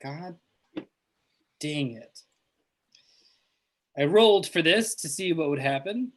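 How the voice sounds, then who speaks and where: A woman running a tabletop game as game master, halting and amused as she thinks aloud. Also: low-pitched, expressive.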